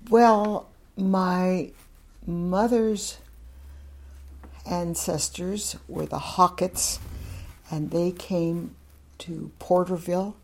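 Brief: older woman interviewee, low gravelly husky voice, chatty and outspoken, rambling stories. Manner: talkative, frank, wandering anecdotes. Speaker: interviewee, former German teacher. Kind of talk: oral history storytelling.

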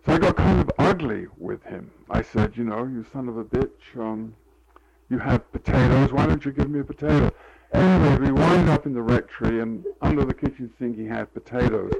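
Poor audio captures a medium-pitched, brisk, creaky voice with a darkish tone and breathy edge. The older man is an interviewee telling a life story in meandering anecdotes, stuffed with fillers and acted-out quotes.

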